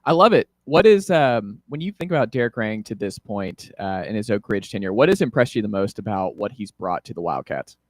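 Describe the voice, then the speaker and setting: A man's voice: on the low side, big pitch swings, brisk, hardly any pauses, dry recording. A man hosting a sports talk show, asking eager, upbeat questions of a guest. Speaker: show host.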